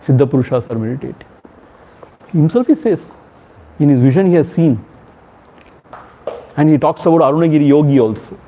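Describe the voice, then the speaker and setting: Emphatic Indian swami, lo-fi recording. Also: male voice, fairly high pitch, expressive, brisk, pauses often. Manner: emphatic, repeats key phrases, chuckles between points. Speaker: swami giving a spiritual discourse. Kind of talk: devotional discourse with chanted verses. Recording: dull lo-fi recording.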